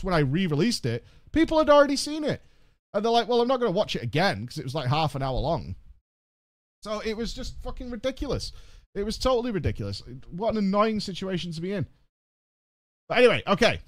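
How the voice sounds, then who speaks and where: A man streaming and reacting to a video, telling a story in a casual, animated way, with frequent restarts and swearing. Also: sits high, no echo. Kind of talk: casual live-stream chat.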